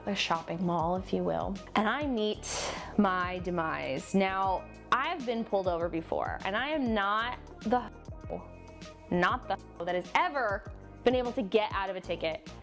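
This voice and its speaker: A young woman vlogger with a New Jersey accent and a medium-pitched voice talks into her camera for a casual storytime video. She tells it animatedly, mocking herself and exaggerating playfully, over faint background music.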